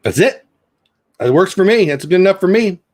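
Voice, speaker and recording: Middle-aged male host, slightly high voice, casual news chat, reads then riffs. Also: expressive, moderate pace, darkish tone. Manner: reads news aloud with asides. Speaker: show host.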